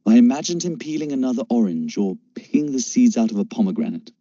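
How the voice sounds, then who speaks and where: A man narrating a story in first person with steady storytelling, in a dull, dry lo-fi recording. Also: medium pitch, fast, dry recording. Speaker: audiobook narrator.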